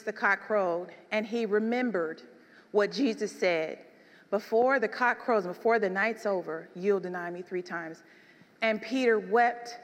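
A woman preaching a sermon, animated, swinging between soft and emphatic delivery. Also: mid-range voice, big-room sound.

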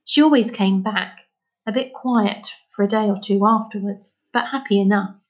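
A grieving middle-aged fisherman father, as a woman reads him aloud from a storybook, unburdening himself in slow, heavy, halting words. His voice sits at a middling pitch. The recording sounds slightly dull and lo-fi. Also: natural voice. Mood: sorrowful.

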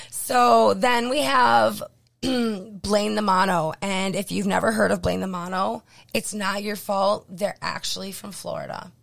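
Hoarse woman radio co-host, gravelly. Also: mid-range voice, steady tone, takes it slowly. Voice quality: gravelly, throat-clearing. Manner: blunt, joking, lots of ums. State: losing her voice, hoarse. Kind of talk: casual radio chat.

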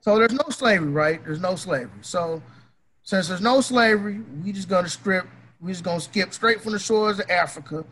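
A man's voice: high voice, a little fast, fairly bright tone, a little hiss or hum, low-quality recording. A man ranting in a casual opinion talk, emphatic, heated and profane.

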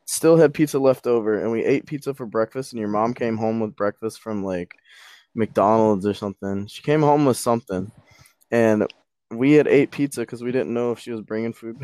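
A man's voice: medium pitch, normal speed, dry recording. A young man, a podcast co-host, chatting casually and laughing through stories about growing up with a friend. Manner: laughing storyteller, quotes friends in animated bursts. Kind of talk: casual chat.

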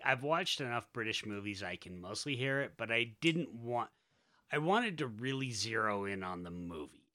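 A man's voice: on the low side, pushed and bright. An American man co-hosting a casual film podcast, talking with enthusiasm and sarcastic asides. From Utah, USA. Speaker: podcast co-host. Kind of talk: casual chat.

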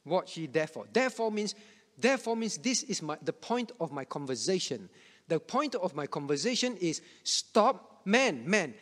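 Male pastor, high-pitched, repeats his points with emphasis, long hall echo. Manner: repetitive, emphatic, chuckling asides. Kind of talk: Bible teaching to a congregation.

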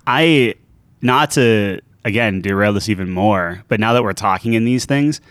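A man's voice: fairly low pitch, normal speed, a bit bright, no room sound. A man co-hosting a podcast, rambling and hesitant in casual chat, speaking into a studio microphone. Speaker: podcast co-host. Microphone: studio dynamic microphone.

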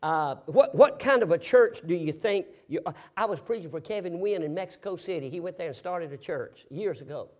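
A man preaching a sermon, telling a story in a folksy way, asking rhetorical questions and bursting into loud, emphatic shouts. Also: high voice, lively intonation, fairly quick, hardly any pauses.

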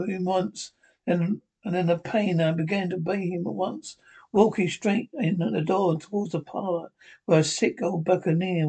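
Amateur male reader of a classic novel; high, husky, gravelly voice, halting delivery. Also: darkish tone. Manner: unpolished reading with slips and restarts. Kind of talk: reading a classic novel aloud.

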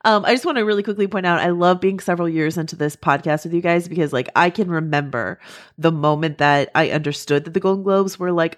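A woman hosting a podcast, talking quickly and casually with lots of fillers. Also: lowish voice. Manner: quick, chatty, many fillers. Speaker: podcast host. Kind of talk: casual panel chat.

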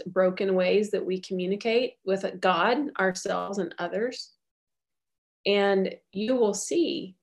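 Earnest woman with a gravelly edge. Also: medium pitch. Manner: earnest, encouraging, repeats key phrases. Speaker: guest speaker on soul care. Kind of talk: faith teaching with Q&A.

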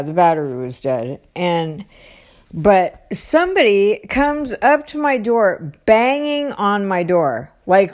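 A woman vlogger telling a story in a casual, rambling way, full of fillers and exasperated asides. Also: mid-range voice. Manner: rambling, many fillers and restarts.

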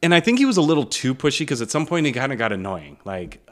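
A man's voice: mid-range voice, big pitch swings, fast talker, fairly bright tone. A man co-hosting a casual podcast, telling a long rambling anecdote and quoting people as he goes. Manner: rambling anecdotal storyteller, mimics others in quotes. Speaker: podcast co-host. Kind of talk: casual storytelling chat.

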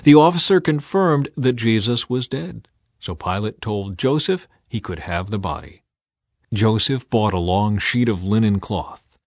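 A man's voice: on the low side, expressive, unhurried, dry recording, clean studio sound. A man reading a Bible passage aloud with dramatic emphasis, his voice swelling on the quoted cries. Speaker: scripture reader.

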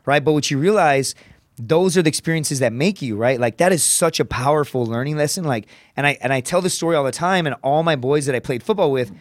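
A man in his thirties tells personal stories as a podcast guest, swearing freely and checking in with "right?" after his points. His voice sits a little high for a man. The recording is dry and close. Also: brisk, dry recording. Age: 30s. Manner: profane, tags sentences with "right?". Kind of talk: casual storytelling.

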